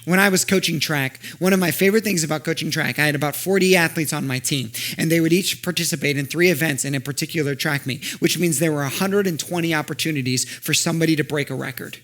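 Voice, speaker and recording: A man pastor preaching a sermon, swinging from loud, emphatic urging to soft, intimate asides. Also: on the high side, fast talker, hardly any pauses.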